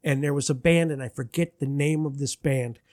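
A man's voice: medium pitch, steady tone, brisk, a little mellow, no room sound, studio quality. A man, a musician guest, telling rambling anecdotes in casual chat and acting out the quotes. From Detroit area. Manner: rambling anecdotes, acts out quotes, laughs at himself.

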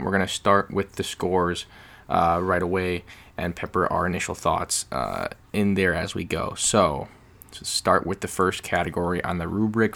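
A man with a very low, gravelly voice hosts a casual podcast chat. He explains things in long, rambling turns and slips in jokes as he goes. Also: a bit bright. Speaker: podcast host.

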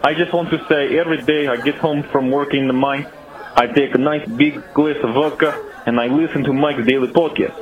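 A man's voice: fairly high pitch, fairly even intonation, a little fast, a crowd in the background, voice pushed up, natural voice. A man voicing a cheerful Russian miner calling in, with a comic fake Russian accent and broken English, heard as a lo-fi muffled call. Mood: hammy.

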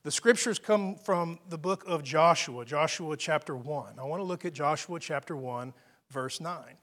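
A man's voice: a little high, a bit bright. A male pastor giving a sermon in a conversational way, with frequent restarts and casual asides.

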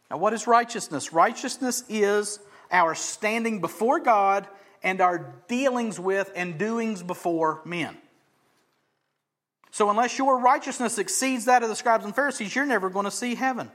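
A pastor with a notably high, expressive voice preaches at a moderate pace. He swings dynamically from loud, emphatic lines to hushed near-whispers, briefly acting out the quoted voices of crowds and Jesus.

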